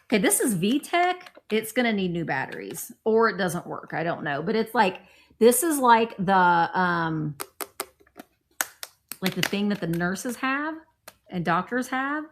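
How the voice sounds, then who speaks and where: This middle-aged thrift vlogger speaks at medium pitch, very animated yet a little slow, over a slight hiss or hum. Rambling casually, she shows off a thrift haul while talking to friends close by.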